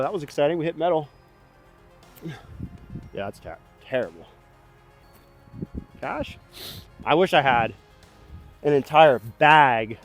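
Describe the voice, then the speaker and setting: Male disc golf vlogger, mid-pitch, a bit winded, quick reactions to each throw, faint music underneath. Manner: excitable, self-critical, talks to himself between throws. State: a bit out of breath. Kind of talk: casual running commentary while playing. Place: outdoors on a disc golf course.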